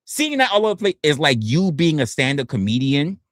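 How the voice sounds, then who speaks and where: A man's voice: on the high side, big pitch swings, brisk, no echo, clean studio sound. A man hosting a livestream, ranting casually and sarcastically and acting out other people's lines. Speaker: livestream host.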